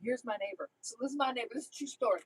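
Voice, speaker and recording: Husky chatty woman livestreaming. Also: fairly high pitch, rapid-fire, dry recording, rough recording. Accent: mix of New Jersey and Tennessee. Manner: rambling, chatty, reads out viewer comments. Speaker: YouTube livestream host. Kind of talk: casual livestream chat.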